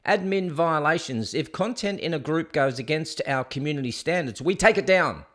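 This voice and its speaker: A man's voice: on the high side, expressive, normal speed, fairly bright tone. A middle-aged man with an Australian accent hosting a casual solo livestream, chatty and jokey as he rambles and reads viewer comments aloud. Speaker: host.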